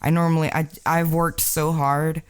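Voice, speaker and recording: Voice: medium pitch, level tone, normal speed, clear, resonant tone. A podcast co-host from Texas chatting casually and rambling, with many fillers and frequent laughs. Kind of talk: casual chat.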